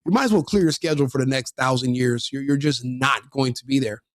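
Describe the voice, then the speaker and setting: A man's voice: medium pitch, fast, no room sound, clean studio sound. A man commenting on a video in a brash, mocking, combative way, laughing at his own jokes. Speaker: online commentator reacting to a video. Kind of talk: profane reaction commentary.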